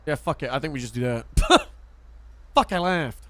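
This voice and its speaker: A man's voice: mid-range voice, animated, moderate pace, long pauses, fairly bright tone. A man streaming a game, chatting casually, laughing at himself and swearing freely.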